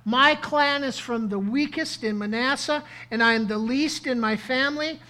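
Timid young biblical man, doubtful and flustered, pitched up high and loud, put on mid-sermon by a preacher. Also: normal speed. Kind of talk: acted scripture quote in a sermon.

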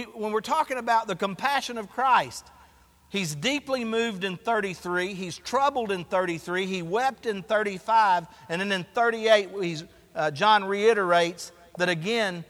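Man pastor, high bright voice, preaching sermon with call-and-response, church hall reverb.

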